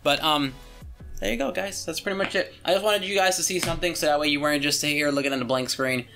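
Rambling young man with a bright voice. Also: fairly high pitch, fast talker, gravelly, faint music behind. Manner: rambling, filler-heavy, swears casually. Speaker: channel host telling a story. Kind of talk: casual storytelling.

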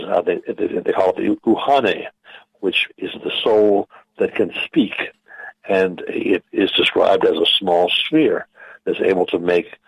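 A physicist appearing as a guest on a radio interview explains things in a measured, halting way, with many fillers and restarts. His voice sits low, the recording has no echo, and the highs are cut off.

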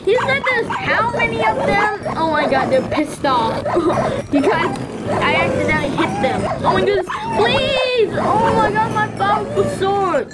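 Shrieky high-voiced woman gaming. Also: measured pace, over a noisy crowd. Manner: excitable, frequent shrieks and exclamations. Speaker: gaming video host. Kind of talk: excited gameplay commentary. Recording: loud background noise.

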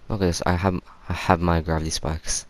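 A man giving chatty live commentary over his own shooter match, reacting out loud to every kill and death. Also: deep voice, little pitch movement, fairly quick. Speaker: gaming YouTuber.

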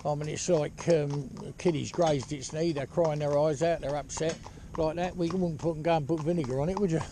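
A man's voice: fairly high pitch, fairly even intonation, a little fast. A man who trains horses, giving casual spoken advice as he drives a carriage, rambling along with "you know" and "yeah?". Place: outdoors on a horse-drawn carriage. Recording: outdoor noise with hoof clip-clop.

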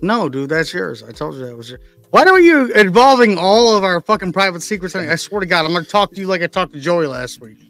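A man with a high voice chats loosely, teasing his co-host and swearing freely. Faint music plays underneath. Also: very animated, brisk, a bit bright. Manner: crude, teasing, swears a lot. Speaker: show co-host. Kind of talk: casual chat.

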